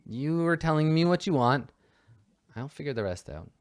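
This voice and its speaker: A woman's voice: low-pitched, sing-song, moderate pace, pitched above the performer's own voice. A man voicing a distracted, boy-crazy young female fixer who snaps curtly. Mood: dismissive. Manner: curt, snappy.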